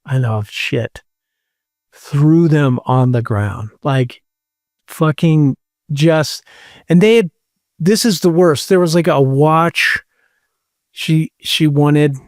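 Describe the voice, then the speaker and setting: A man's voice: fairly high pitch, takes it slowly, pauses often, dry recording, studio quality. A man in a casual chat, telling a story candidly, swearing freely, full of "like" fillers and laughing mid-sentence.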